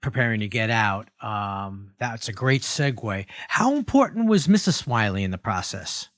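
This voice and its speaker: A man's voice: lowish voice, sing-song, moderate pace, a bit bright, no room sound, studio quality. A man hosting an interview, asking questions in an easygoing, supportive way. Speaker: podcast host. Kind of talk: casual interview.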